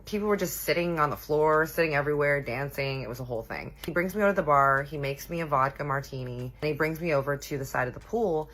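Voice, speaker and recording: A woman in her thirties telling a personal story in a chatty, animated way, acting out what people said. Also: low voice, fast, hardly any pauses. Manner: chatty, animated, quotes people in little voices. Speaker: storytime vlogger. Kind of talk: casual storytelling.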